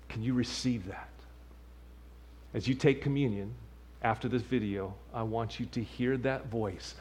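An earnest man preaches to his congregation, his voice at an ordinary middle pitch. He swells with emphasis on key points, then sinks to a gentle, quiet delivery. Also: unhurried, husky. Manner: earnest, builds up then drops to a soft hush. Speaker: pastor. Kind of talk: sermon.

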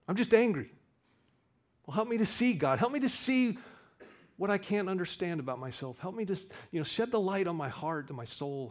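Male pastor, sermon delivery, mid-pitched, animated, repeats key lines for emphasis. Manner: rises to loud emphatic peaks, then drops low.

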